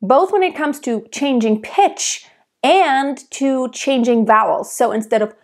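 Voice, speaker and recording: Slow, high-voiced woman vocal coach. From Germany. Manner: calm, measured teaching with sung examples. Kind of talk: singing lesson with sung demonstrations.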